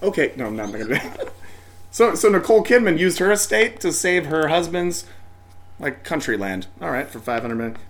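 Lively, jokey male podcast co-host. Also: on the high side, a little hiss or hum. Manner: jokey, quick quips, laughs easily. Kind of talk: casual chat. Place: home studio.

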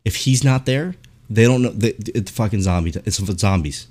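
Man, podcast host, casual chat, swears a lot, acts out the people in his stories, lower voice. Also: brisk. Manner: profane animated storytelling, acting out people.

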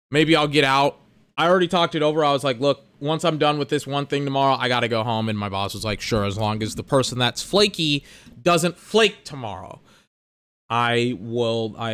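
Exasperated young man ranting, clear voice. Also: medium pitch, fairly bright tone, dry recording. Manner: exasperated, ranting, swears freely. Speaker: podcast host. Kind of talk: solo podcast rant.

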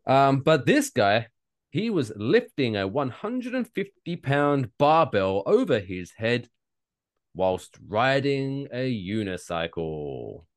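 A man's voice: medium pitch, big pitch swings, slow pace. A man co-hosting a casual comedy podcast, swearing freely and ranting in mock outrage. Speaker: podcast co-host.

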